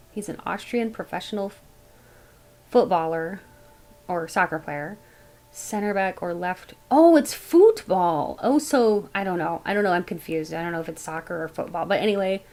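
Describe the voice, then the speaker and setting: A woman's voice: fairly low pitch, a little mellow, poor audio. Musing woman doing a tarot reading. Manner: musing, thinks aloud, unhurried. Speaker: tarot reader. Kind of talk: casual tarot reading to camera.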